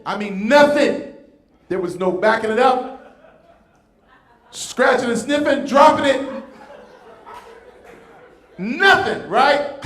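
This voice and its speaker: A man's voice: very high voice, a bit bright, roomy sound. A man doing stand-up comedy as a comedian and pastor, teasing the crowd and checking in with a repeated "right?".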